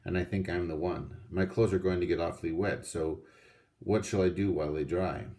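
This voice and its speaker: A man voicing a steady, responsible oldest boy in a storybook reading; the boy sounds calm and takes charge. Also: deep voice, a little fast.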